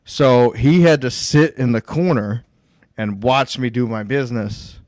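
A man's voice: medium pitch, a little slow, a little mellow, no echo. A man hosting a podcast over a remote call, a little drunk, rambling and repeating himself. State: tipsy. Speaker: podcast host. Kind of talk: casual podcast chat.

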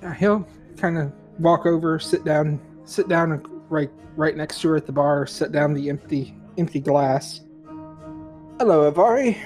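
A man's voice: a little high, level tone, a little slow, a little mellow, soft background music. A man playing a tabletop role-playing game in casual chat, chatty and laughing often. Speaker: player.

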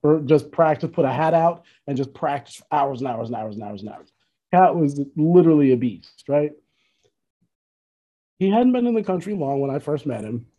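A man's voice: on the high side, animated, moderate pace, narrow, tinny audio. A man telling stories in a casual chat and laughing often. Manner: laid-back storyteller, laughs often. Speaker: musician guest.

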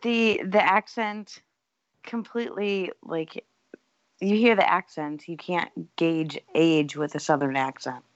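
A woman's voice: fairly low pitch, fairly even intonation, takes it slowly, no room sound, muffled recording. A woman guesting on a casual podcast, making wry remarks.

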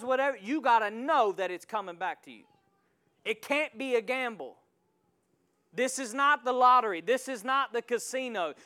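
A male pastor preaching a sermon in a church, calling out to the congregation and swinging from quiet asides to loud surges. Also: extremely high pitch, smooth. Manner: call-and-response preaching with sudden loud surges.

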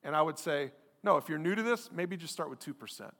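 A man preaches to his congregation in a conversational, emphatic style, now and then voicing his listeners' objections. His voice sits fairly high for a man. The sound rings with the long reverb of a large church hall. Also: expressive, brisk, fairly bright tone. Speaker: pastor. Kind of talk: sermon.

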